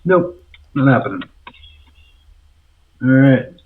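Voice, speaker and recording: A man's voice: medium pitch, expressive, takes it slowly. A man playing a tabletop game, methodically thinking his turn through aloud. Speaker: player. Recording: phone-like narrow sound.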